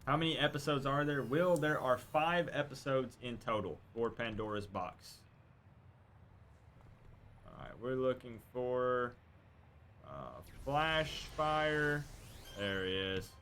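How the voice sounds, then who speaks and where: A man with a medium-pitched voice streams a video game, talking a little slowly and chatting casually and animatedly with his viewers, addressing chat directly. There's a little hiss or hum in the recording.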